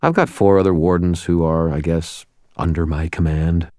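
A man's voice: low voice, normal speed, no room sound, studio quality, lightly acted. A man voicing a wry wizard detective. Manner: sardonic, deadpan asides. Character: wry male wizard detective, dry-humored.

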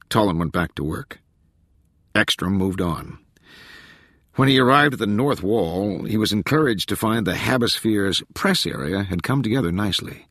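A man narrating an audiobook in a measured, even reading with a husky voice. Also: fairly low pitch, no echo, clean studio sound. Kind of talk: scripted narration.

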